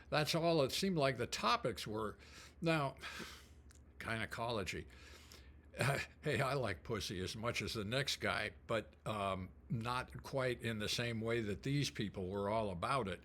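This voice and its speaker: An older man telling a personal memory in a casual, rambling way, full of fillers and throat clearing. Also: lowish voice, fairly bright tone. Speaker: storyteller. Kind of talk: casual storytelling.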